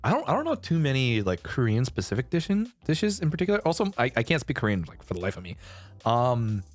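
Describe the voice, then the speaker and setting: A man's voice: medium pitch, huge pitch swings, fast, no echo, soft background music. Rambling, swearing male streamer. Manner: rambling, heavy swearing, frequent self-restarts. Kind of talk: casual live-stream chat.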